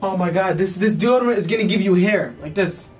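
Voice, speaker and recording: A man in his twenties, a vlogger, talking in a playful, teasing and excitable way while pranking children. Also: high voice, brisk. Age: 20s. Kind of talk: casual prank vlog. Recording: distant mic with faint music.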